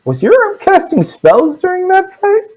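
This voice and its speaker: A man voicing a wry male adventurer who lost an arm, with a dry, teasing, drawn-out delivery. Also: medium pitch, very animated, poor audio.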